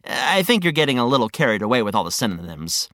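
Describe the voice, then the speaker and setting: A woman voicing a friendly, patient male guide who gently explains things. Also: a bass voice, sing-song, fast, no echo, studio quality, voice pushed down, full character voice. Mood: gentle.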